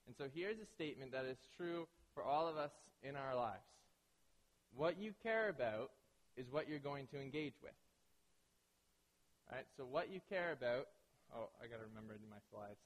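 A male pastor with a fairly high voice delivers a sermon, telling animated stories and briefly acting out the people in them. His voice rings with the long reverb of a large hall. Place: large hall with an audience of about a hundred.

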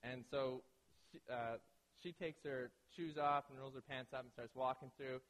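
A man's voice: mid-range voice, fairly even intonation, moderate pace, fairly bright tone, long reverb tail. A man preaching a sermon in a loose, conversational way, often checking in with "right?" and acting out the voices of people in his stories. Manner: conversational, keeps asking "right?"; acts out quoted voices. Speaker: pastor.

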